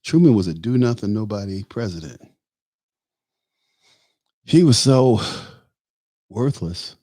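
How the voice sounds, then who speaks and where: Deep-voiced opinionated male talk host. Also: expressive, slow pace, warm tone, no echo, studio quality. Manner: opinionated, emphatic, rambling with fillers. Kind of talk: political commentary monologue. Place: Tampa area.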